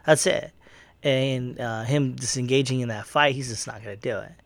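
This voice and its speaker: A man's voice: medium pitch, normal speed, vocal fry, dry recording. A man casually retelling a kung fu movie plot, rambling and swearing, acting out the characters' lines. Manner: rambling, profane, acts out quotes.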